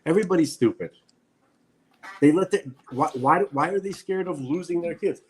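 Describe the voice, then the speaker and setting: A man's voice: fairly high pitch, normal speed, slightly rough. A man co-hosting a podcast, speaking in a blunt, ranting way with emphatic repetitions. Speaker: podcast co-host. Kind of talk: casual opinionated chat.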